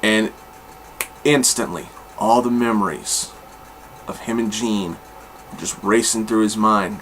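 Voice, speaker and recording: A man's voice: medium pitch, unhurried, fairly bright tone, a little hiss or hum. A man reviewing comic books in a casual, rambling monologue, blunt and swearing freely. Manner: rambling with many fillers and restarts.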